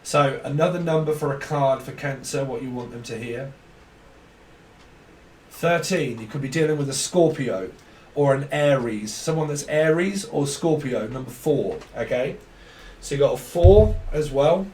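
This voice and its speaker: A man's voice: medium pitch, measured pace, darkish tone. A man giving a casual tarot reading, rambling, laughing often and swearing freely. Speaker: tarot reader. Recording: echoey room, mic at a distance.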